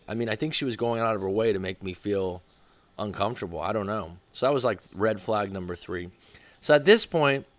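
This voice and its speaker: A man, a dating coach, telling a personal story in a candid, rambling way that often corrects itself. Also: fairly low pitch.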